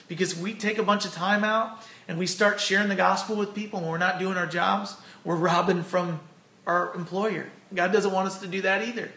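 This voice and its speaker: A man's voice: high-pitched, creaky, sharp tone. A man preaching an earnest, conversational sermon with personal stories, then closing in prayer. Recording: echoey room.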